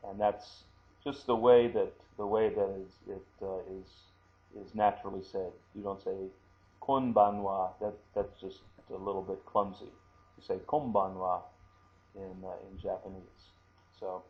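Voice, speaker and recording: A man teaching a language lesson, talking slowly and haltingly with many fillers and repeating words for pronunciation. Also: low-pitched, muffled recording. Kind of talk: screen-recorded language lesson.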